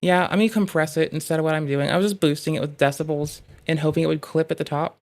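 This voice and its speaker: A streamer riffing through casual live reaction commentary, rambling from one tangent to the next and swearing freely. The voice sits at a mid pitch and is picked up close on a desk mic at a home setup. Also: steady tone, fast. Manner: rambling, profane, thinks out loud in riffs.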